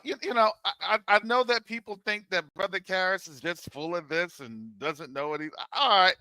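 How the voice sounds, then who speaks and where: Male host from Florida, casual commentary, bright and lively delivery, fairly high voice, dry close sound. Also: moderate pace, hardly any pauses, clear, resonant tone, no echo. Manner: animated, jokey, preacherly asides. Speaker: channel host.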